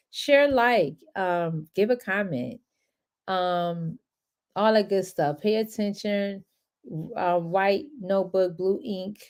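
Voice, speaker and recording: A woman's voice: fairly low pitch, darkish tone. A woman wealth and credit coach in a casual, rambling live-stream chat, chatty and encouraging toward her viewers.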